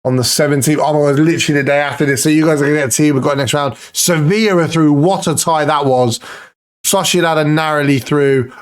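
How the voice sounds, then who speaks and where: Excitable man commentating a football game. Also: on the high side, fast talker, clean tone. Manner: excitable, swearing, pleading at the screen. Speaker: gaming YouTuber.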